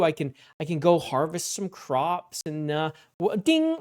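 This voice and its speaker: A woman's voice: fairly low pitch, lively intonation, slow pace, few pauses. A woman hosting a comedic award show, rambling with sarcastic asides and bursts of mock panic.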